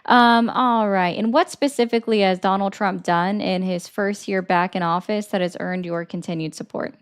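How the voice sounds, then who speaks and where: A woman's voice: mid-range voice, steady tone, moderate pace, clear, resonant tone. A woman hosting a political call-in livestream, sarcastic and pointed, pressing callers with repeated questions. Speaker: livestream host taking calls.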